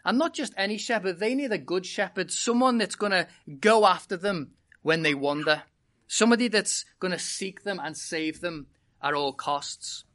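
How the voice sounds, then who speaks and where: A British-accented preacher delivers a sermon to a congregation, leading with a lively, humorous story. The voice is bright and crisp, with plenty of energy in the telling. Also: mid-range voice, moderate pace. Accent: British English. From Britain. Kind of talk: sermon with an opening personal story.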